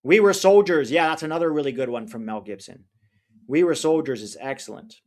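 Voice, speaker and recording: A man with a slightly high voice hosts a livestream watch-along at a brisk clip, chatting casually and reading comments from viewers. He is opinionated but easygoing, rambling and often losing track of names mid-sentence.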